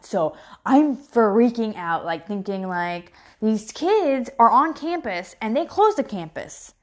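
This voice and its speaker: Animated mom retelling a story. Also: female voice, fairly high pitch, moderate pace. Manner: animated retelling, acts out her own shocked reactions. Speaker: parent telling a story. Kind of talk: casual storytelling vlog.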